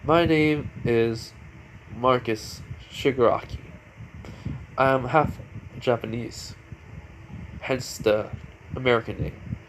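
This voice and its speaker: A man's voice: medium pitch, fairly even intonation, takes it slowly, pauses often, slight background noise, close to an everyday voice, poor audio. A man voicing a scheming older villain who talks in a polite, friendly way, close to his own voice.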